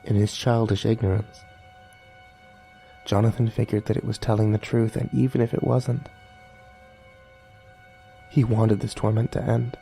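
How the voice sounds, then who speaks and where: A man reading a horror story aloud in a measured, dramatic narration. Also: lowish voice, little pitch movement, creaky, warm tone. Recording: faint music underneath.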